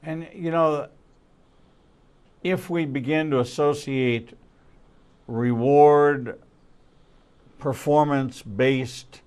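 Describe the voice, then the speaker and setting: Slow, measured male interview host. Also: on the high side, steady tone, darkish tone, smooth. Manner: measured, deliberate. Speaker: rabbi host.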